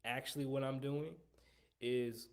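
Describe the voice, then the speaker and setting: During a live online trumpet lesson, a man coaches at length, often repeating and restarting his phrases in a long-winded way. His medium-pitched voice is steady, a little mellow and measured in pace.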